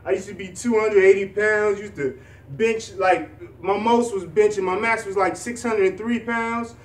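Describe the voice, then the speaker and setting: A young man with a fairly high voice talks in a rambling, earnest, encouraging way, often restarting his sentences. He sits a bit away from the mic, so the room echo comes through. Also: fairly even intonation, measured pace, far from the mic. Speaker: vlogger. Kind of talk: motivational vlog talk.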